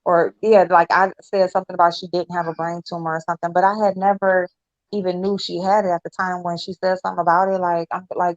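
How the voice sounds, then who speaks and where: A woman hosting a casual livestream panel, talking fast and bluntly, swearing freely, and mimicking other people in a high voice. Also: flat delivery, dry recording. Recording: dull lo-fi stream audio.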